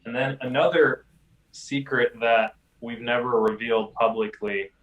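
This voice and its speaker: Flat-voiced man heard from far off. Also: medium pitch, measured pace, phone-quality sound. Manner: easygoing, many "um"s and restarts. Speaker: interviewee from an instrument maker. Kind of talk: recorded interview. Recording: roomy, distant mic.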